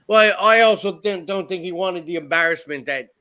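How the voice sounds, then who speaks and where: A man's voice: high-pitched, a little fast, bright, forceful tone. A middle-aged man on a podcast, chatting casually and telling rambling stories with plenty of swearing. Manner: rambling storytelling, heavy swearing. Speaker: podcast co-host. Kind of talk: casual chat.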